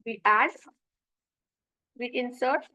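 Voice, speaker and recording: Woman, Indian English accent, French teacher, high voice, step-by-step explanations. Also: slow, lo-fi sound. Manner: explains step by step, reads French then translates. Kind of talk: online language lesson. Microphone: screen-share recording.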